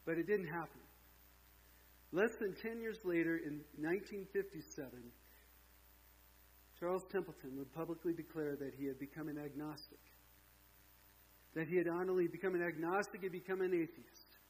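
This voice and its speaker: A man's voice: a little high, normal speed, long pauses, husky, rough recording. A man preaching a sermon as pastor, telling a story with casual asides to the congregation.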